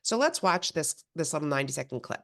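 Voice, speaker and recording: Low-pitched woman presenting, steady explaining tone, couple of little restarts. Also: fast talker. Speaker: presenter of an advocacy group. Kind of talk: prepared presentation.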